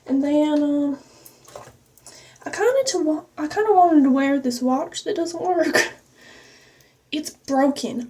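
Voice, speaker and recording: A woman's voice: sits high, mellow, recorded from a distance. A woman vlogger chatting casually while getting ready, rambling and self-mocking, slipping into a mock country accent. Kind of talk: casual get-ready-with-me chat.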